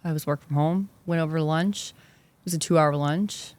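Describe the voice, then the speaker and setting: Fast-talking Boston woman, podcast guest. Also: sits low, no room sound. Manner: animated, talks fast in bursts with fillers. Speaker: investment specialist guest. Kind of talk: casual interview storytelling.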